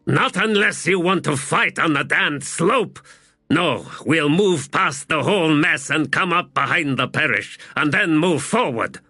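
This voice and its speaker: A man voicing a gruff, weary male warlord who curses and answers sardonically, in an audiobook. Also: a little high, lively intonation, measured pace, pushed and bright, no echo, studio quality, voice pushed up, full character voice.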